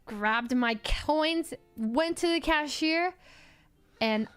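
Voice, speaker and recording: Lively woman streamer, high-ish voice, dramatic storytelling, faint music behind. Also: slow. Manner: animated, dramatic, laughs often. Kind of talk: casual storytelling chat.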